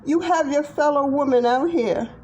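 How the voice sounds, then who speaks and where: A woman's voice: sits high, moderate pace, a little mellow, a little hiss or hum. A middle-aged woman giving a tarot reading monologue to viewers, blunt, profane and impassioned. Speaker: tarot reader.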